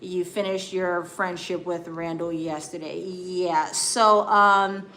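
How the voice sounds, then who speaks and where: A woman's voice: lowish voice, steady tone, slow, sharp tone. American woman giving a live tarot reading. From United States. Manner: reassuring, calls viewers honey and sweetheart, asks "okay?" often. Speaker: tarot card reader. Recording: echoey room with faint background noise.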